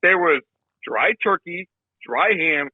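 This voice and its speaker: A young man with a high, husky voice swings his pitch wildly as he tears into a film on a casual podcast. He swears freely and mimics the people he mocks. The recording is dry and a bit muffled. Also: takes it slowly, dry recording. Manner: profane, animated storytelling with mocking impressions. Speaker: podcast co-host. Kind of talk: casual podcast movie rant.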